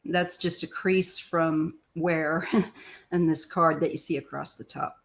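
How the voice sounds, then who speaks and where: Older woman, Missouri-born tarot reader, live-stream style: loose, chatty, throat-clearing. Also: low voice, fairly even intonation, slow pace.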